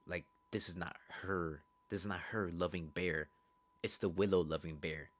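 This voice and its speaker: Male movie reviewer with a deep voice, casual and profane, rambles through a plot recap with lots of "like" and "bro". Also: steady tone. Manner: rambling, profane, fast storytelling.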